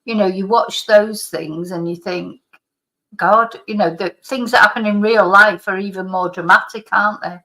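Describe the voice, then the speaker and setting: A woman's voice: mid-range voice, fairly even intonation, moderate pace, pushed and bright. Chatty woman with a slight cough. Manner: rambling, chatty, with frequent restarts and laughs. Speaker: live stream host. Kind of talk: casual chat reading out viewer comments.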